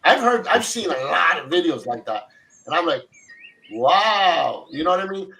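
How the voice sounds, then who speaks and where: A man's voice: a little high, big pitch swings, normal speed, vocal fry, bright, forceful tone, poor audio. A man hosting a live online Torah study, talking fervently in a casual way and often repeating himself. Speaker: host of a Torah study broadcast. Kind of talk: casual Bible study discussion.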